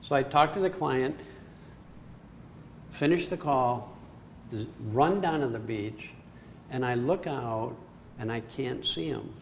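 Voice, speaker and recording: An older man telling a personal story in an animated way, acting out his own panic. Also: mid-range voice, slow, vocal fry, pauses often, a little hiss or hum. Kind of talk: storytelling talk.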